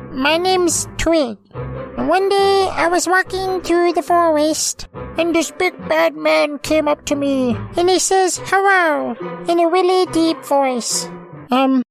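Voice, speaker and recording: Woman playing a squeaky, naive little forest creature. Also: slow, gravelly, faint music behind, heavily acted, rough recording. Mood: rambling. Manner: rambling, hesitant storyteller with many ums. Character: childlike eager male forest creature, naive. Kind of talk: comedic audio drama.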